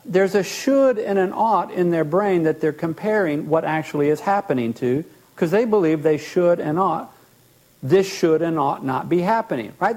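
A man teaching as a therapist, animated, often acting out short bits of dialogue and repeating words as he explains. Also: high-pitched, moderate pace.

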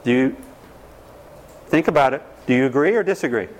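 A man's voice: mid-range voice, fairly quick. A man speaking as a counselor, lecturing an audience, acting out quoted voices and putting questions to the listeners. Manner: animated, acts out quoted voices, quizzes the audience.

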